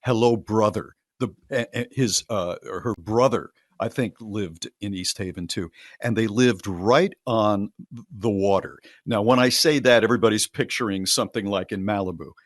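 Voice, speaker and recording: An older man from Connecticut, a radio host reminiscing in relaxed, rambling casual chat. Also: on the low side, normal speed, dry recording, clean studio sound.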